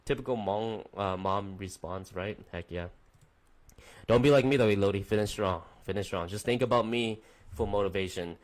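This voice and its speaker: Young dude rambling to his chat, kinda low voice, swears a lot, just freestyling. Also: normal speed. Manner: rambling, loose and profane. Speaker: podcast streamer. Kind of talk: casual chat with live chat viewers.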